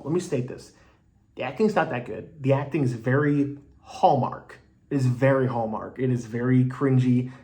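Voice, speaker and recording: A man's voice: medium pitch, darkish tone. A man giving a casual, rambling movie review, talking bluntly with plenty of "you know" and "like" and the odd swear word.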